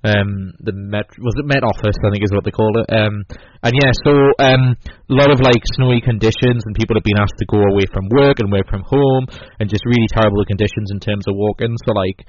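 A man's voice: on the low side, a little fast, few pauses, dry recording. Rambling man hosting a podcast. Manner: rambling, lots of fillers and restarts, acts out quotes. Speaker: podcast host. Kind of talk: casual chat. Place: indoor room in northeast England. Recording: dull lo-fi podcast audio.

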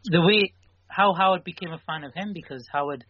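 A man's voice: high voice, brisk. A man co-hosting a casual podcast, telling stories loosely and with hesitation. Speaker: podcast co-host. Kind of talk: casual chat. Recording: dull lo-fi audio with faint noise.

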